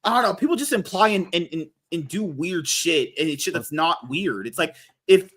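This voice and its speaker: Man, podcast banter, crude jokes, very lively pitch. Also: normal speed, husky. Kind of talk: casual podcast chat.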